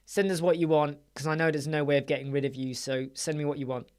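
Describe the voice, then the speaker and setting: A man's voice: on the high side, little pitch movement, fast talker, a little mellow, clean tone. A man in his forties hosting a casual live chat, rambling and joking, often breaking off mid-thought. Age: 40s. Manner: rambling, jokey, self-interrupting. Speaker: web design livestream host.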